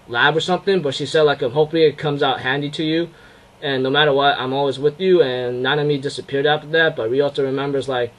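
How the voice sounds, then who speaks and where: A young man giving a casual anime episode review, excitable and rambling, with many fillers and restarts. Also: medium pitch, rough recording.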